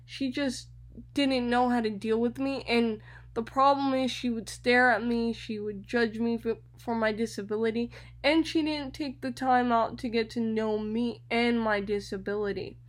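A young woman from Florida, hosting a radio show and telling a personal story in an animated way, often repeating words. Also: fairly high pitch. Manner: animated, repeats words, addresses listeners as y'all.

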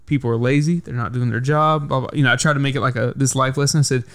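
男性播客主持人，粗口连篇地讲故事. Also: male voice, medium pitch, steady tone, quick pace, a bit bright. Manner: profane, heated storytelling. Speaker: podcast host. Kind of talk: casual podcast chat.

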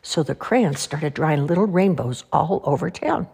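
Expressive storyteller woman, low-ish husky voice, very animated. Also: normal speed. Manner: expressive, sing-song. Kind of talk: children's story read-aloud.

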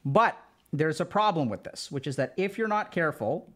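Male streamer, higher-pitched, relaxed lecturing tone, chatty filler-heavy delivery. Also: normal speed. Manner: loose and conversational, heavy use of "like". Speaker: streamer teaching social skills. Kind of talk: casual spoken lecture to a live chat.

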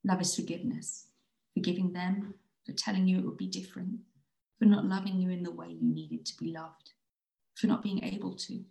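A woman reading her own spoken-word poem in a slow, soft, intimate way. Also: lowish voice, flat delivery, gravelly, reverberant, poor audio. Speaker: writer reading her piece.

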